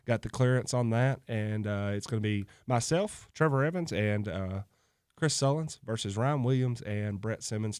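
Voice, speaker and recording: A man with a medium-pitched, smooth, somewhat dark voice hosts a local radio program, chatting on air in a loose, joking manner and laughing readily between sponsor reads. The studio mic captures him close and dry, with no room sound.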